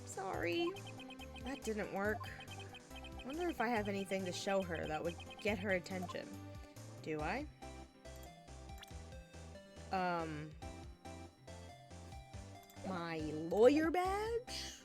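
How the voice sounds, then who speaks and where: A woman's voice: medium pitch, sing-song, takes it slowly, long pauses, music in the background. A woman voicing a flustered young male lawyer, hesitant and stammering. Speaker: video game character.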